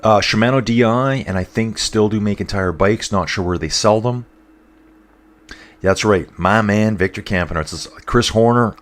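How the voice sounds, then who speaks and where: Low-voiced stuffed-up man chatting through a race. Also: fairly bright tone. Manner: chatty, reads out viewer comments. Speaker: live race commentator. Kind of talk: casual live-stream commentary with chat.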